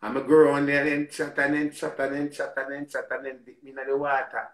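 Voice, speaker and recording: A man with a Jamaican accent telling a story in a casual, animated way, repeating words and swearing freely. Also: medium pitch, brisk, roomy sound.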